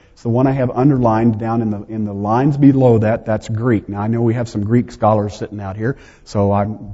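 A man's voice: medium pitch, warm tone, husky. Guy preaching a bible lesson, chatty asides, dull muffled audio in a big echoey hall. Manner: conversational, with chatty asides to himself and the audience. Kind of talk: sermon. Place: large hall before a seated audience.

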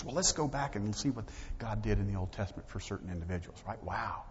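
Male pastor, low voice, conversational sermon delivery, lo-fi recording with long reverb. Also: animated, quick pace, a little hiss or hum. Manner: conversational preaching with acted-out dialogue. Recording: dull lo-fi audio with long hall reverb.

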